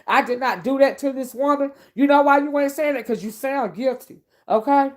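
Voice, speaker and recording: Blunt woman ranting on a livestream. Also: high voice. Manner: blunt, preachy, repeats "okay?". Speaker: online commentator. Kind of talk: late-night livestream rant.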